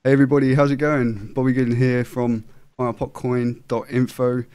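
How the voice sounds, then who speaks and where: A man's voice: medium pitch, little pitch movement, brisk, a little mellow, clean tone. A man hosting an online interview, introducing his guest in a casual, upbeat way. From England. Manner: upbeat, friendly. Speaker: host.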